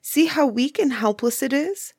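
A woman's voice: high-pitched, expressive, moderate pace, a little mellow, dry recording, studio quality, voice pushed up. A woman voicing a bold, defiant young female nymph in a storybook reading. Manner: pleading, defiant.

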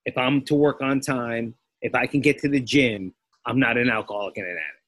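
Guy guest on a podcast telling his story, lively, acts out what people said, dry close sound. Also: medium pitch, a little fast, dry recording. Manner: animated, acts out quotes. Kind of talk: personal storytelling in conversation.

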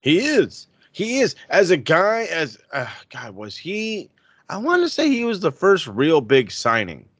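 Bright-voiced man, blunt and profane. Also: a little high, measured pace, breathy edge, no echo. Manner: blunt, heavy swearing, animated retelling. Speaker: podcast co-host. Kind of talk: casual wrestling chat.

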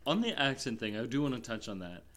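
A man with a mid-range, somewhat bright voice talks fast, his pitch swinging widely. As co-host and film reviewer on a film podcast, he chats casually and rambles, using lots of fillers.

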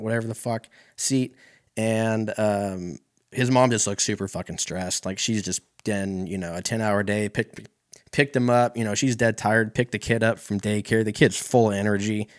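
Low-voiced man rambling with swearing. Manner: rambling, heavy swearing, self-correcting. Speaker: podcast host. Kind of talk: casual storytelling monologue.

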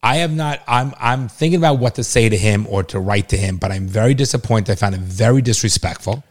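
A man's voice: on the low side, brisk. A middle-aged father talking on a casual family podcast. He is blunt and insistent, leans hard on his points and swears freely. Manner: emphatic, heavily profane, insistent. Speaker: father and co-host.

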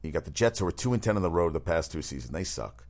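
A man with a very low, deep voice hosts a loose talk segment. He rambles in a blunt, opinionated way, often restarting his sentences and swearing freely. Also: very animated, fast, darkish tone. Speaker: show host. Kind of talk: casual chat.

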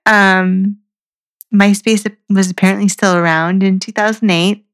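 A woman's voice: medium pitch, fairly even intonation, unhurried, a bit bright, clear, resonant tone. An American woman co-hosting a podcast, chatting casually and rambling with many "um"s. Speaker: podcast co-host. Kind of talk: casual chat.

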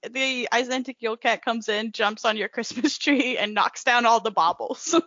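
A woman's voice: a little high, normal speed, sharp tone, dry recording. A young woman co-hosting a casual podcast, giggly and a little hesitant. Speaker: podcast co-host. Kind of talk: casual chat. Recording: dry, dull lo-fi mic.

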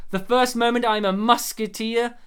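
A man voicing a dying noble father in a loud, solemn, hammy way while reading fan fiction aloud. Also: extremely high pitch, fairly even intonation, moderate pace, smooth.

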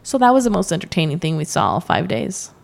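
A young woman talks casually as a podcast guest, telling her story with plenty of quoted asides and easy laughter. Her voice sits a little low for a woman. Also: expressive, fast talker, creaky. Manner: chatty storytelling, quotes herself, laughs often. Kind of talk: casual interview chat.

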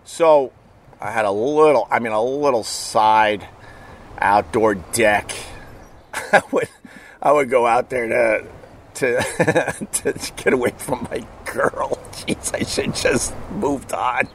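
A man's voice: mid-range voice, slow, slight background noise. A middle-aged man hosting a show, telling a rambling story in a casual, profane way and chuckling as he goes. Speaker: podcast host.

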